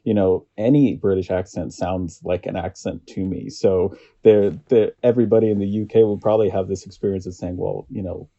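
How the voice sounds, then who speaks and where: An American man chats as a podcast guest in a low, very dark voice. He rambles and restarts his sentences. The audio is muffled and lo-fi. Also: steady tone. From United States. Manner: rambling, halting, laughs often. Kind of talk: casual chat.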